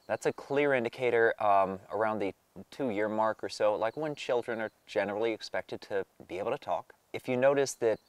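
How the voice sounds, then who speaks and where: A man's voice: on the low side, no room sound. A man explaining things in casual talk, with a slight Southern twang and an emphatic, filler-heavy way of speaking. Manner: conversational, emphatic, lots of fillers. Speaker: vlogger.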